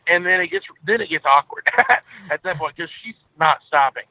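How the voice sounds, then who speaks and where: A man's voice: a little high, brisk. Southern man talking over a tinny phone line. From Texas. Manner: easygoing storyteller, many filler uhs. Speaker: guest musician. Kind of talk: casual interview over the phone.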